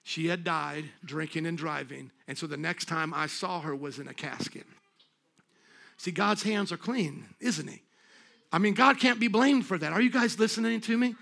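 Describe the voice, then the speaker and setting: Guy preaching in church, high voice, keeps asking the crowd stuff like he's chatting with them. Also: normal speed, gravelly, fairly bright tone. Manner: emphatic, conversational preaching with rhetorical questions to the congregation. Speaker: pastor. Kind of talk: sermon. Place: church service.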